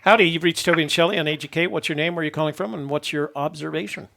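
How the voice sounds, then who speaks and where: A man's voice: fairly high pitch, very fast, gravelly, bright, forceful tone. A man hosting a call-in show, chatting easily with callers and rambling with lots of fillers. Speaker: host.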